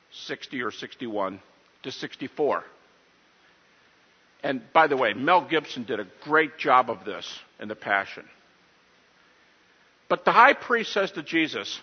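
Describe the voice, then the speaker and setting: A man lectures to a live audience in an emphatic, animated way and throws questions at them. His voice is husky, a little high and swings widely in pitch. The recording is muffled, with a long hall echo. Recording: dull audio in a reverberant hall.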